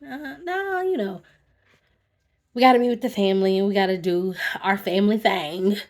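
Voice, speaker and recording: A woman who works as a therapist talks to camera in a casual, animated way, telling a personal story. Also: medium pitch, normal speed. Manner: animated, conversational, acts out her own reactions. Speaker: vlogger.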